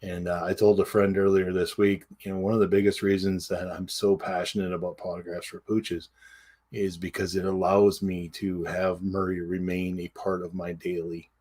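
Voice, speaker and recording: A man co-hosting a podcast, talking in a halting, casual way with many fillers and restarts. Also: low voice, flat delivery, a little mellow, husky. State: tearful. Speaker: podcast co-host. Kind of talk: casual chat.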